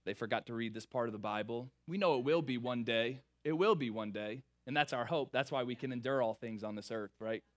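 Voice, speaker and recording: A young man preaching, telling a funny story from his early marriage in a lively, playful way before turning earnest. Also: mid-range voice, a little fast, few pauses. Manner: animated, playful storytelling with big swings in energy. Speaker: pastor. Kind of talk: sermon with a personal story.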